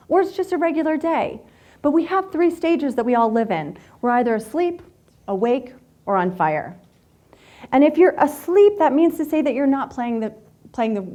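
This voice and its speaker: A woman speaking with a voice pitched a little high for a woman, addressing a live group in a motivational workshop. She talks candidly and swears freely. She tells her stories with animated, playful energy. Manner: candid, profane, animated storyteller.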